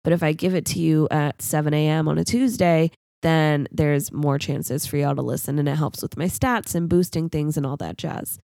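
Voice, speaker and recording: A woman's voice: low voice, steady tone, moderate pace, creaky, dark tone, no room sound, clean studio sound. A young woman hosting a solo podcast, rambling casually and laughing at herself. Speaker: podcast host.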